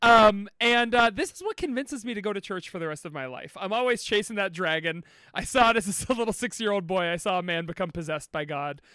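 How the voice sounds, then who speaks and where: A man's voice: high-pitched, animated, a little fast, few pauses, bright, forceful tone, smooth, no echo, studio quality. A man on a comedy podcast, playful and loose, laughing often while telling stories. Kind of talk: comic storytelling and banter.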